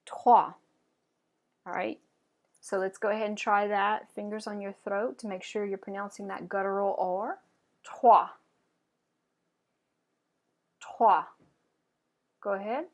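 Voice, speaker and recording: A woman teaching French pronunciation, modelling words clearly and encouraging learners to repeat after her. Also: medium pitch, fairly even intonation, brisk. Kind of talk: pronunciation lesson.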